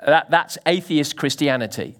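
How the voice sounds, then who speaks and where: Preaching to his congregation, this pastor is animated, his voice jumping up and falling suddenly as he keeps asking the audience questions. He speaks at a normal speed, his voice on the high side.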